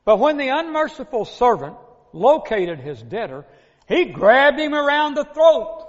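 A man's voice: extremely high pitch, very animated, measured pace. A male preacher giving a sermon, retelling a parable dramatically and speaking straight to his listeners, in a dull recording with long hall reverb. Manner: dramatic storytelling, addresses the listeners directly.

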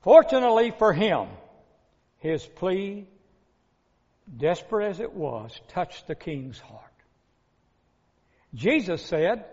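Slow and given to long pauses, this preacher's husky, darkish voice sits high and swings widely in pitch. He retells a parable dramatically and addresses his listeners directly, heard through a dull recording with long hall reverb.

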